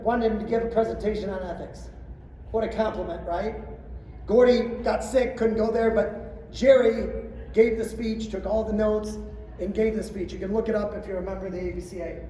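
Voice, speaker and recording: A middle-aged man giving a motivational storytelling talk to coaches, acting out quotes and swinging from quiet asides to shouting. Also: high-pitched, a little hiss or hum. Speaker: coach clinic speaker. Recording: roomy hall, distant mic, faint ambience.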